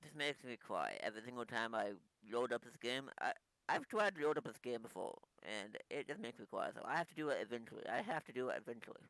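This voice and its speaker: A man's voice: medium pitch, sing-song, fast, no echo, rough recording. A young man commenting on a video game, sounding upset and repeating himself as he rambles. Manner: emotional, repetitive, rambling. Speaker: gaming YouTuber. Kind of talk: let's play commentary. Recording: voice over loud game music. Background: game music.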